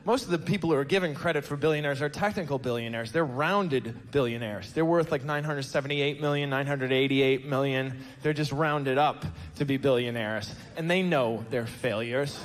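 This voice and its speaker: A man's voice: mid-range voice, normal speed, hardly any pauses. A man in his fifties doing a stand-up comedy set on a club stage, telling wordy mock-pompous stories that build to emphatic punchlines. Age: 50s. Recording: noisy live stage recording.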